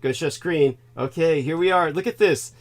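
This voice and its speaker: A man hosting a casual online fundraiser stream, chatting with a guest, full of "uh" fillers and loud bursts of laughter. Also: on the high side, normal speed. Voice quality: laughs loudly and often, frequent fillers. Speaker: host. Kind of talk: casual livestream chat.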